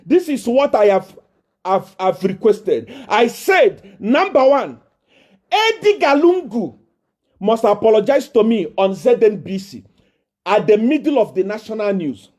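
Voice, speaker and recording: A man from Nigeria, preaching to a congregation as a self-proclaimed prophet. He is boastful and defiant, repeats himself and rises to shouts. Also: sits high, animated, measured pace.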